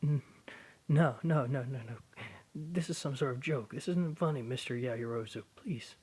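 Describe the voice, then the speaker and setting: A hoarse man with a sore throat voicing a grieving teenage boy who stammers, pleads and denies the news in a strained, husky voice. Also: normal speed, darkish tone, close to an everyday voice. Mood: denying, pleading. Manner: pleading, stammering, voice rising high.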